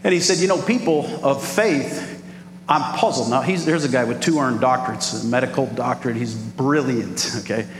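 A man, preaching an animated sermon as pastor and calling out to the congregation. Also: mid-range voice, moderate pace. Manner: animated preaching with crowd call-outs. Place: large church hall. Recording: echoey hall with background noise.

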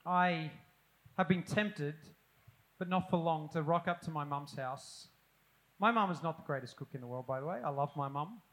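A middle-aged man preaching a sermon, animated and self-deprecating with humorous asides. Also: on the high side, normal speed, low-quality recording. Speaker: pastor.

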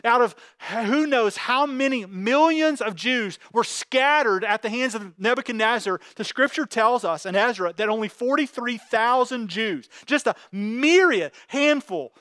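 A high-pitched man delivers a fervent sermon, putting scripture into plain everyday talk. His voice comes across close and dry, with no room sound around it. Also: a bit bright, dry recording. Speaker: pastor.

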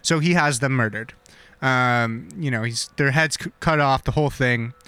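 Young guy with a bright voice, cursing and joking through a retelling, dry close mic. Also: medium pitch, moderate pace, clear, resonant tone, dry recording. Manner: slangy, swearing, laughing, acts out characters. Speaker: podcast host retelling a story. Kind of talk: casual profane storytelling.

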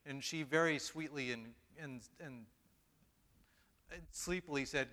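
Casual preacher man, fairly high and bright voice, stammers and restarts, heard in a reverberant church hall. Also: a little slow. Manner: stammering, self-deprecating, with frequent restarts. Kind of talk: casual sermon.

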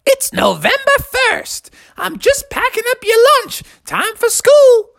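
A woman voicing a cheerful mother bear with a high, sing-song voice in a bedtime story. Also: wildly swooping pitch, measured pace, gravelly, full character voice.

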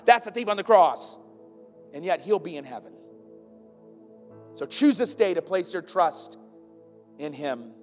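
A male pastor preaching a sermon, swinging from loud, urgent calls to hushed intensity. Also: high-pitched. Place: church sanctuary. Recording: long church reverb with faint music.

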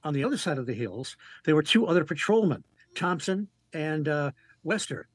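A man, a regular on a talk show, relaxed and storytelling with many fillers as he gives a report. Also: fairly high pitch, normal speed, breathy edge, no room sound. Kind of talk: casual radio talk and report.

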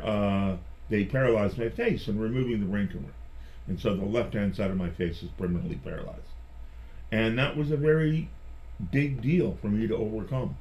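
A middle-aged man, a magician guest, telling personal stories in a chatty, animated way and often restarting his phrases. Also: mid-range voice. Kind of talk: personal storytelling in conversation.

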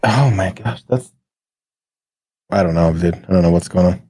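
Mellow low-voiced man in casual chat. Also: moderate pace, slightly rough, dry recording, clean studio sound. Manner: laid-back, brief replies. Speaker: podcast co-host.

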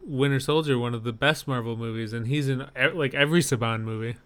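Guy with a smooth clear voice, mid pitch, matter-of-fact podcast chat with dry jokes. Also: quick pace, a bit bright. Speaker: podcast co-host. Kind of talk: casual chat.

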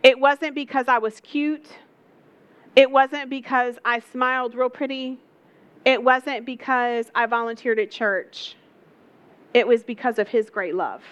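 A woman's voice: fairly high pitch, fairly even intonation, unhurried, fairly bright tone, smooth. A woman preaching a sermon, telling a story with emphatic repetition.

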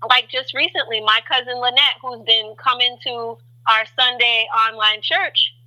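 A woman guest sharing a faith testimony in conversation, an animated storyteller who acts out what people said. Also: fairly high pitch, normal speed, low-quality recording.

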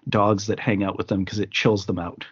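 A man's voice: lowish voice, flat delivery, moderate pace, breathy edge. A man co-hosting a podcast, chatting casually about films, rambling with frequent restarts and fillers. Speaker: podcast co-host. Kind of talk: casual film discussion. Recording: slightly muffled lo-fi podcast audio.

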